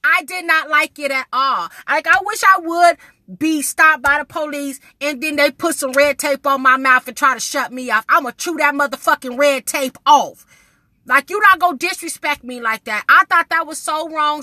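A woman's voice: high voice, sharp tone, dry recording. A woman, ranting to her camera in a blunt, indignant vlog full of swearing. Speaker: vlogger. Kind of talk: casual vlog rant to camera.

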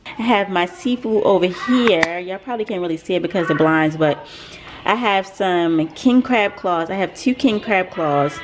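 A woman's voice: lowish voice, animated, normal speed, noisy background. A young woman, chatting casually to camera in her home kitchen, laughing often and calling her viewers "y'all.". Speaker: vlogger, mother.

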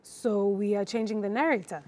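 A woman's voice: medium pitch, moderate pace, a little mellow. A woman taking part in an acting lesson as a student, asking questions and checking her understanding. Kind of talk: lesson dialogue.

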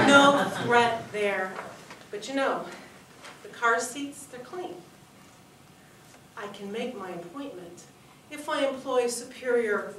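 A woman giving a humorous speech at a contest, telling a story in an animated way. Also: on the high side, background noise. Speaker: contest speaker. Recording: echoey hall, heard from far off.

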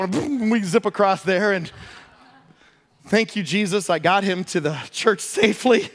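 A pastor preaching a sermon, telling a personal story with lively, self-deprecating humor. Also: male voice, high-pitched, a little slow.

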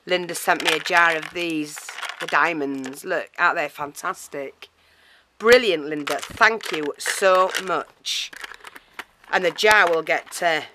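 Woman unboxing a parcel, chatty and gushing, bit breathless, faint hiss behind. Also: low voice. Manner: excitable and chatty, many fillers, gushing thanks. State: a little out of breath. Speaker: craft vlogger. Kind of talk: casual unboxing chat to camera.

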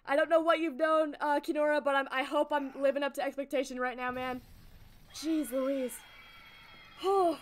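A woman game streamer chatting excitedly with her viewers while playing, laughing often. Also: high voice. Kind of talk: excitable live-stream chat.

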